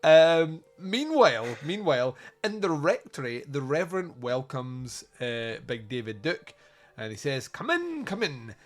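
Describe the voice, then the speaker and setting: A man's voice: medium pitch, animated, measured pace. A man hosting a podcast, chatting casually about a film, rambling and joking with lots of fillers. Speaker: podcast host. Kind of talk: casual film review chat.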